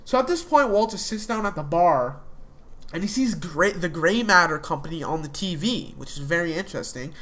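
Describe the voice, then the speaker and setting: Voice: mid-range voice, lively intonation, moderate pace, fairly bright tone. A young adult speaker recapping a TV episode in a casual, rambling way, full of fillers and restarts. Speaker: TV episode reviewer.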